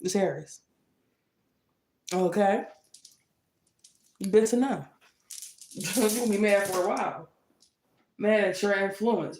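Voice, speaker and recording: A woman's voice: medium pitch, slow, pauses often, a little mellow, a little hiss or hum. A woman giving a casual tarot reading, sassy and teasing, laughing often and repeating lines for emphasis. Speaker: tarot reader. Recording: roomy echo.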